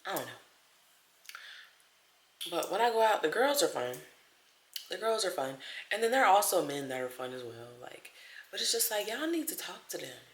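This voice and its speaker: A young woman vlogging at home, telling stories in a chatty, animated way and acting out what people said. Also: lowish voice, moderate pace, pauses often. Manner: chatty, animated, acts out quotes. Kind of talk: casual storytelling vlog. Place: home, small room. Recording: echoey room.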